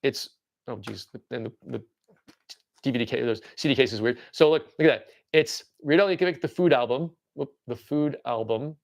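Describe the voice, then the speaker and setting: A man in his forties hosting a casual livestream show-and-tell, rambling with stammering restarts and excited tangents. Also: mid-range voice, normal speed, vocal fry. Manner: excitable and enthusiastic. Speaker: livestream host.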